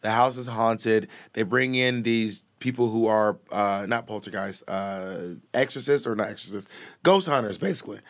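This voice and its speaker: A man's voice: fairly low pitch, moderate pace. A young man co-hosting a podcast in casual banter, sassy, argumentative and full of slang. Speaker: podcast co-host. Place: podcast booth.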